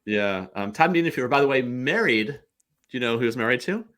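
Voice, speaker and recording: A man from the St. Louis area, a podcast guest, telling stories in an animated, rambling way with lots of restarts. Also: medium pitch, brisk. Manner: animated, digressive storyteller. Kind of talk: casual chat.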